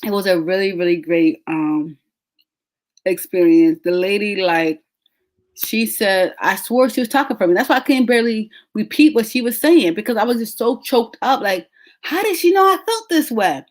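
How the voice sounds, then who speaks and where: A woman in her thirties hosting a podcast, telling a story in animated casual chat and laughing often. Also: medium pitch, moderate pace. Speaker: podcast host.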